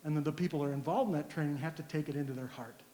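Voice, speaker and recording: A man's voice: fairly high pitch, dark tone. Earnest man in an echoey hall. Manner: earnest and deliberate, with frequent fillers. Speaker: community member giving public comment. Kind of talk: public comment at a community listening session. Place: large school hall.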